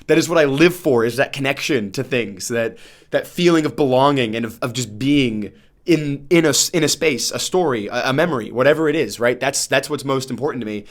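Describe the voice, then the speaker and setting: Young guy, casual vlog, talks off the cuff, heartfelt, restarts a lot, mid pitch. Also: fairly quick. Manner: rambling and emotional, many "like" fillers and restarts. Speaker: book vlogger.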